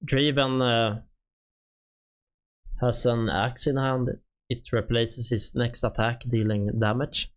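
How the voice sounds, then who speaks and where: A man with a Swedish accent, a native Swedish speaker, streaming and reading through game units in a halting, casual way with many fillers. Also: mid-range voice, level tone.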